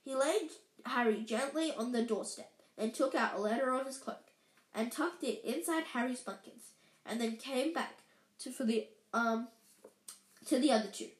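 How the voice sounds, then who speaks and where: A woman's voice: a little high, normal speed. A woman reading a storybook aloud in an unpolished way, often stumbling and correcting herself. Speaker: reader. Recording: echoey room.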